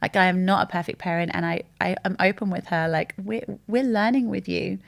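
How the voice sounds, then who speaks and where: Gravelly-voiced woman in her thirties. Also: on the low side, fairly quick. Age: 30s. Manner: open, candid and animated storytelling. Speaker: guest. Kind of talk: casual chat.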